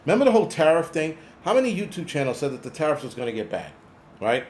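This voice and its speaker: A man's voice: fairly high pitch, sing-song, fast, darkish tone, a little hiss or hum. A man hosting a prepper channel, chatting casually on a live stream, rambling, swearing and reading out chat names. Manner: rambling, profane, reads chat names aloud.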